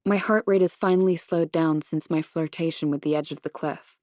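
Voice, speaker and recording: A woman reading a suspense novel aloud in first person, measured and close to the microphone. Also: sits low, fairly even intonation, darkish tone, dry recording. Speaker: audiobook narrator.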